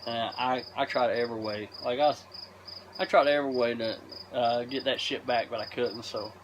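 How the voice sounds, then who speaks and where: A man's voice: medium pitch, steady tone, normal speed. Rambling, profane man grilling outdoors. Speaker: vlogger. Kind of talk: casual rambling chat to camera. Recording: loud insect and cricket noise outdoors.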